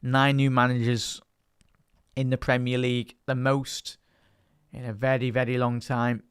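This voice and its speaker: A man's voice: medium pitch, level tone, measured pace, clear, resonant tone, no room sound, studio quality. Chatty Liverpool man calling the match live. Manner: chatty, reads live chat aloud and lifts into play-by-play calls. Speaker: watch-along commentator. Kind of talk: live match-day watch-along commentary.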